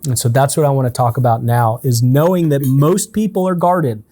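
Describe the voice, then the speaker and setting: A man leading a relaxed, conversational coaching session for a team, often checking in with his listeners. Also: mid-range voice, moderate pace. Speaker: sales trainer. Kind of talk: casual in-person coaching session.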